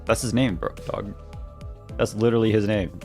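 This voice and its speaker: A man's voice: on the low side, fairly quick, warm tone, soft background music. A young man streaming a game, reading its dialogue aloud in playful voices and joking with his chat.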